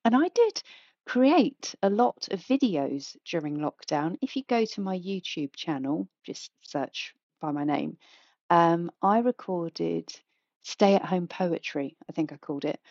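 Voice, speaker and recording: Chatty woman, low-pitched and dry. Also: animated, a little slow, a little mellow, dry recording. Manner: chatty and rambling, frank, with fillers and asides. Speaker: podcast host. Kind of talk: casual solo podcast chat. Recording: dry, slightly dull home mic.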